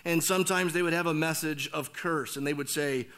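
A man preaching a sermon, swinging from loud emphatic lines down to hushed near-whispers. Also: fairly high pitch, steady tone. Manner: deliberate, with slowed emphatic phrases. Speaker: pastor.

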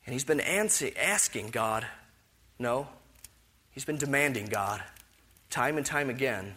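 A man delivers an expository sermon in a bright, ringing voice that sits a little high. He presses his points with loud rhetorical questions, then sinks into a soft, reflective tone. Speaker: preacher.

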